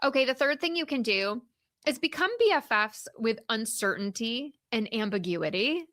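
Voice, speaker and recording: A woman hosting a solo motivational podcast as a career coach, encouraging and emphatic, slowing down to stress key points. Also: fairly high pitch, lively intonation, fairly bright tone, dry recording, clean studio sound.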